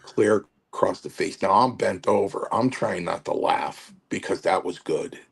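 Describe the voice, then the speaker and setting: Gravelly low-voiced man telling stories. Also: measured pace. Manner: animated storyteller, acts out quotes. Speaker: wrestling podcast guest. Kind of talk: storytelling in casual chat.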